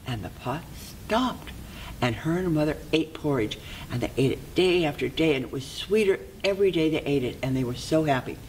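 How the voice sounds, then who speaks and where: Library volunteer telling a fairy tale, expressive, goes soft and whispery sometimes, middle pitch. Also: brisk, a little hiss or hum, poor audio. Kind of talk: fairy tale read-aloud.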